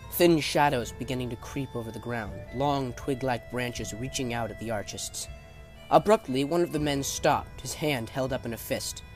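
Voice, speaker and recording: A man narrating a fantasy novel chapter in a measured, dramatic storytelling manner. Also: medium pitch. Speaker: audiobook narrator.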